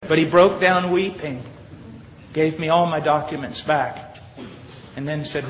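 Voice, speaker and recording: A male preacher with a fairly high voice tells his story dramatically, shifting between forceful climaxes and hushed asides. His words carry through a large hall with a long reverb tail and a faint hum of noise. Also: a little slow, long pauses. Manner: dramatic storytelling, swings between loud rises and hushed drops. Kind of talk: sermon.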